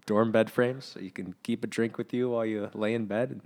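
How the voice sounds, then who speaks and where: A man's voice: fairly even intonation, brisk, a little mellow. A young man co-hosting a podcast, earnestly explaining his business ideas in casual chat. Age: young adult. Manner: earnest explainer, pitching a product. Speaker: podcast co-host.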